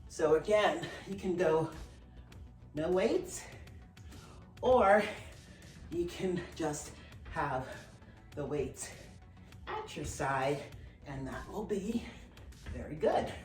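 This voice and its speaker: A woman's voice: low voice, animated, extremely slow, long pauses, darkish tone. A middle-aged woman fitness instructor, slightly out of breath, cueing form and counting reps during a dumbbell workout. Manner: encouraging, counts reps and cues form while exercising. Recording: roomy, from a distance, with faint music.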